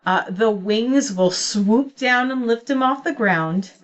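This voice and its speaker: A woman's voice: a little high, slow pace. A woman running a tabletop game as game master, narrating with easy fillers and frequent giggles. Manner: relaxed, giggly, hesitant fillers.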